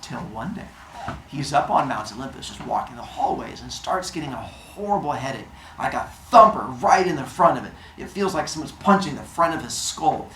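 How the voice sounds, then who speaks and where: A woman with a low voice tells an old myth as a casual, comic story, tossing in jokes and asides. Her pitch swings widely as she goes. She sounds like she is in a roomy space, with faint ambience underneath. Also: moderate pace, a little hiss or hum. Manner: animated, jokey, full of asides.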